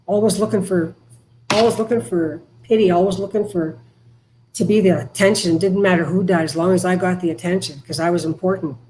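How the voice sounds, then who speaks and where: A middle-aged woman from Canada speaking frankly and haltingly as a podcast guest about her past. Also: fairly low pitch, fairly even intonation, mellow, a little hiss or hum, poor audio. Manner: frank, halting, emotional at times. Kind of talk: candid recovery interview.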